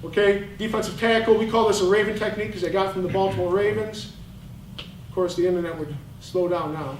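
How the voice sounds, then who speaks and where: A man's voice: high voice, brisk. A man coaching at a clinic, talking bluntly and with fire over game film. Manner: animated, blunt, fired up. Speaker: football coach. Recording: roomy, distant mic, faint noise.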